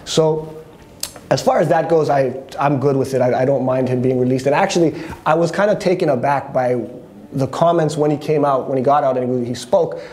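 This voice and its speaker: Mellow man giving his opinion. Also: medium pitch, fairly quick. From Canada. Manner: candid, conversational, thinking aloud with restarts. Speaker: host. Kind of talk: opinion commentary monologue.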